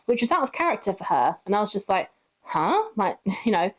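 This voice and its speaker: A woman's voice: mid-range voice, very animated, fast talker. Woman in her twenties, chatty storytime vlogger; rambling delivery, muffled lo-fi mic. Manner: rambling, with many fillers and acted quotes. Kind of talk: casual storytime monologue. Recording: dull lo-fi recording.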